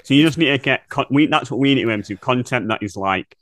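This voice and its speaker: Male podcast co-host, mid-pitched voice, dry close sound, playful and teasing. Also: quick pace, fairly bright tone, no room sound. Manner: playful, teasing, laughs often. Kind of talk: casual comedic chat.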